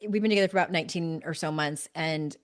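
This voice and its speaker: A woman's voice: sits low, fast talker. A woman in her fifties hosting a podcast, chatting casually and animatedly, often laughing and speeding up in bursts. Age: 50s. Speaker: podcast host. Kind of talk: casual conversational interview.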